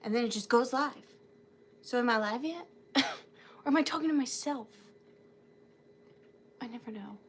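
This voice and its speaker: A woman's voice: fairly high pitch, normal speed, long pauses, a little hiss or hum. A woman hosting an antique and vintage live sale, chatting casually and greeting viewers by name in a chatty, self-deprecating way.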